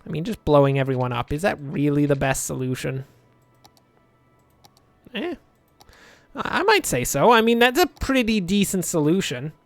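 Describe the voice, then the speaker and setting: A man's voice: on the high side, sing-song, normal speed, creaky, pauses often, fairly bright tone, no echo, faint music behind. A young man casually commentating his gameplay, rambling and joking, muttering asides to himself at a home desk microphone. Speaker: let's play host.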